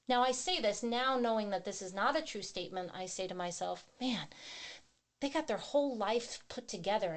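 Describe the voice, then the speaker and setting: A middle-aged woman giving a personal testimony as a podcast guest, a vivid storyteller who acts out her own past words. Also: medium pitch.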